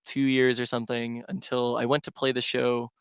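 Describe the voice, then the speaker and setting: Chatting casually on a podcast, a male DJ guest rambles through a lengthy story, filling it with "like." He speaks at normal speed in a smooth, monotone, medium-pitched voice, and the studio sound is clean with no echo.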